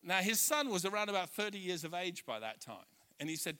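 High, bright-voiced animated preacher man. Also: a little fast, few pauses, clear, resonant tone. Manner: animated storyteller, swinging from soft asides to loud bursts. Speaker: pastor. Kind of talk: sermon. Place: church.

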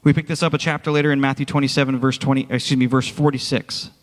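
A man's voice: mid-range voice, flat delivery, fast talker, in a large hall. A man preaching a sermon as worship pastor, speaking earnestly and directly to his congregation in a church. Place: church sanctuary.

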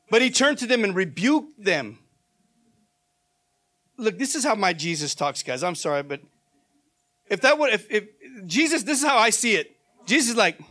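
Male preacher, very high, forceful voice, emphatic informal sermon with repeated call-outs. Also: animated, moderate pace, long pauses.

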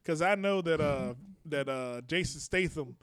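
A man co-hosting a podcast in casual chat, animated, swearing freely and laughing often. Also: fairly high pitch, measured pace, no echo, studio quality. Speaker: podcast co-host.

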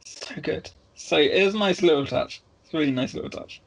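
A man's voice: on the high side, brisk, vocal fry, rough recording. A man co-hosting a casual film review chat, talking in a chatty, hesitant way with many fillers. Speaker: podcast co-host.

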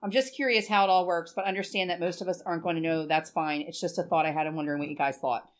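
A woman's voice: on the low side, steady tone, fast. Woman in her 40s yakking on a podcast, swears a lot, gets all emotional telling stories. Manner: chatty, swearing, emotional storytelling. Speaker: podcast co-host. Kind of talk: casual chat.

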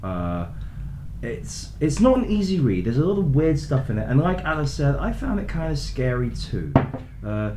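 A man in his thirties co-hosting a casual book chat, playful and quick to laugh, trailing off with fillers. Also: medium pitch, sing-song, roomy sound, background noise. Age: 30s. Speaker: podcast co-host.

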